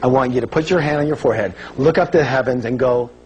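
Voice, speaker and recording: A man's voice: medium pitch, fast talker, crowd noise, low-quality recording. A man giving a live motivational seminar talk, speaking emphatically, repeating key words and quizzing his audience for answers.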